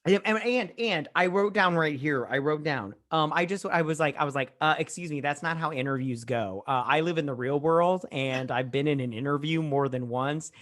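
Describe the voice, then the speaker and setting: A woman co-hosting a casual, drunk movie-review podcast, retelling scenes in a profane, animated way with acted-out asides. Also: low voice, moderate pace, hardly any pauses. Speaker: podcast co-host.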